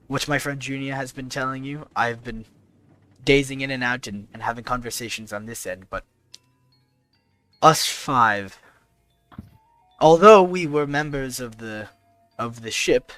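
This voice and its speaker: A man voicing an earnest young adventurer pleading his case with a guard, confiding and measured. His voice is bright and forward, set at an ordinary middle pitch, and there is faint music under it. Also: no echo, close to an everyday voice. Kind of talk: in-character tabletop role-play.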